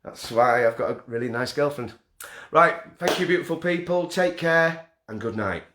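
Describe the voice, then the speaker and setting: A man's voice: on the high side, expressive, normal speed, background noise. Man, self-deprecating live-stream host, joking and rambling, recorded at home with roomy echo. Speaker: festival host announcing winners. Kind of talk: casual live-stream hosting. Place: front room at home. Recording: roomy front-room echo.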